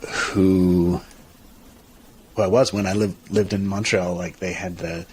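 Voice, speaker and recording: A man's voice: deep voice, level tone, slow pace, darkish tone, slight background noise. A man who is a minister, talking in a reflective interview, hesitant and thoughtful, with frequent restarts and fillers.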